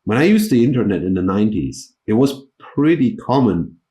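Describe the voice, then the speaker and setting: Low, mellow-voiced man interviewing. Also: sing-song, moderate pace. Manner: hesitant, with many restarts and ums. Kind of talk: conversational interview.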